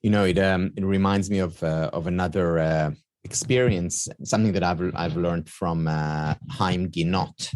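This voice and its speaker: A man's voice: low voice, steady tone, normal speed, darkish tone, dry recording, studio quality. A man speaking as an interview guest, thoughtful and hesitant, with many fillers. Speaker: guest author. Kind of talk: conversational interview.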